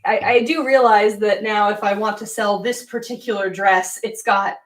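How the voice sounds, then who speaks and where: A woman's voice: mid-range voice, fairly even intonation, normal speed, far from the mic. A young woman hosting a casual livestream from a spare room at home, chatty and giggly, laughing often. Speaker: livestream host. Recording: roomy sound, voice away from the mic.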